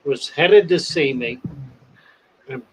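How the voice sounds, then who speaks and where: A man hosting a livestream who tells a long story in a drawn-out, dramatic way. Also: medium pitch, animated, husky, poor audio. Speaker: pet shop owner and livestream host.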